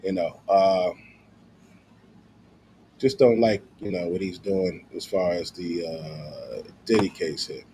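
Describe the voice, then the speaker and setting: A man's voice: sits low, slow, pauses often, warm tone, a little hiss or hum. A man streaming casual, profane commentary, slangy and loose with lots of filler.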